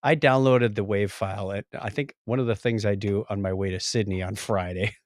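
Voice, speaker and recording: A middle-aged man co-hosting a casual podcast, jokey and animated, with sudden loud exclamations. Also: fairly low pitch, fairly quick, no echo, studio quality. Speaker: podcast co-host. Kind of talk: casual chat.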